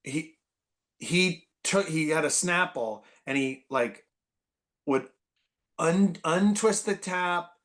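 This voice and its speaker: A man in his forties talks as a guest in a casual podcast chat. His voice sits a bit high for a man. He tells his stories in a lively, tumbling way, with lots of fillers and self-corrections. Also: slow, long pauses. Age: 40s. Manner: animated storyteller, many fillers and restarts.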